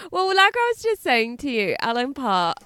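An Australian woman co-hosting a comedy podcast in casual chat. She is a little congested from a cold, excitable and giggly, and swears freely. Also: sits high, normal speed, a little hiss or hum. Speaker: podcast co-host.

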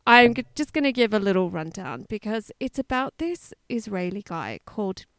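A woman's voice: medium pitch, big pitch swings, moderate pace, dry recording. A woman co-hosting a podcast, chatting casually with frequent laughs and rambling restarts. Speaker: podcast co-host. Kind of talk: casual chat.

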